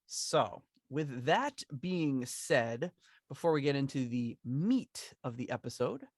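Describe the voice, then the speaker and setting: A man's voice: mid-range voice, animated, slow pace, dry recording, studio quality. A man co-hosting a podcast in easygoing chat, rambling with many restarts. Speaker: podcast co-host.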